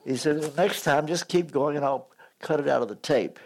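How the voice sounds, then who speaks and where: A man's voice: on the high side, moderate pace. An older man preaching a sermon, telling stories, acting out voices and joking when he loses his place. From United States.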